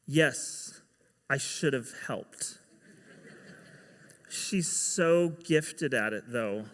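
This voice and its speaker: A man's voice: medium pitch, lively intonation, very slow, fairly bright tone. Man preaching in a reverberant hall. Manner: storytelling with quoted dialogue. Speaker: pastor. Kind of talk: sermon.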